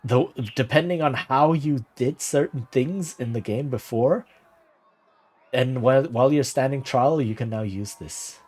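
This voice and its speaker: Man, game streamer, casual commentary, chatty, laughs often, middle pitch. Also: a little slow, a little mellow.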